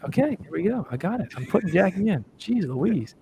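A man's voice: high-pitched, big pitch swings, fairly quick, gravelly, background noise. A man co-hosting a casual livestream, joking and a bit flustered as he reads viewer names off a list. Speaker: co-host.

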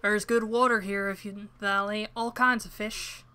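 A woman's voice: mid-range voice, little pitch movement, normal speed, pushed and bright, clear, resonant tone, lightly acted. Woman doing a hearty old sea-dog fisherman. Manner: folksy sea-dog talk. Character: hearty old male fisherman with a sailor's twang.

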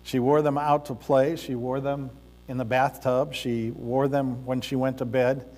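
A man preaching a sermon in a church sanctuary, speaking deliberately with pauses and the odd filler as he tells a story. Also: medium pitch, little pitch movement, a little mellow. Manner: slow, deliberate delivery with pauses and occasional fillers. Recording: reverberant church hall.

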